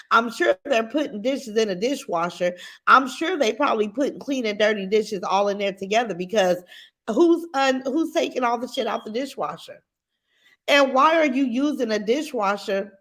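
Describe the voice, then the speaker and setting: A middle-aged woman hosting a casual livestream, bluntly giving her opinions and reading comments from chat. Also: fairly high pitch. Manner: blunt, opinionated, animated, addresses chat directly.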